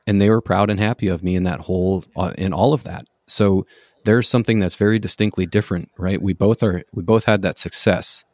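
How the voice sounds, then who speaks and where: A man's voice: low voice, fairly even intonation, fairly quick, a little mellow, no echo, clean studio sound. A young man hosting a podcast. He speaks earnestly and thoughtfully, with strong emphasis when he makes a point. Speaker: podcast host. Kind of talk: conversational interview.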